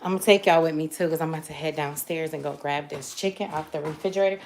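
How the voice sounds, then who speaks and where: A woman's voice: deep voice, fairly even intonation, quick pace. Woman, casual cook-along chat, talks to y'all, roomy kitchen echo, faint background noise. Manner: chatty, talks to viewers as y'all. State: out of breath. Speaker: vlogger. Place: home kitchen, running water and frying.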